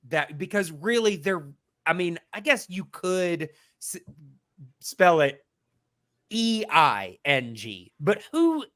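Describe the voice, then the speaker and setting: A man's voice: a little high, fairly bright tone. A man hosting a podcast in casual chat, thinking aloud and explaining at length. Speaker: podcast host.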